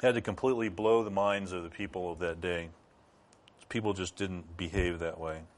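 A man's voice: low-pitched, fairly even intonation, normal speed. A middle-aged man preaching a sermon as pastor, teaching through rhetorical questions.

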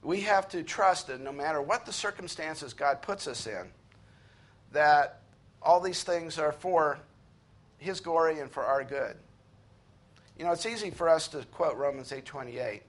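A man preaching an earnest sermon, slowing down and lifting his voice when he reads scripture aloud. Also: a little high. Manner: earnest preaching, slows and rises to read scripture. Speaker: pastor.

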